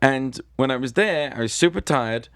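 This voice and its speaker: A man's voice: medium pitch, lively intonation, normal speed, fairly bright tone, dry recording. A British man telling anecdotes as a guest, dry and self-deprecating. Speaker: guest comedian and magician.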